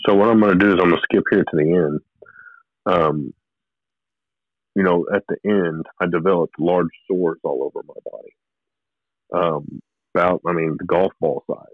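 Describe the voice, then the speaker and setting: A man's voice: low voice, fairly even intonation, moderate pace, long pauses, no room sound, narrow, tinny audio. A man telling a personal spiritual story in a rambling way, with restarts and short laughs. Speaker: guest telling his testimony.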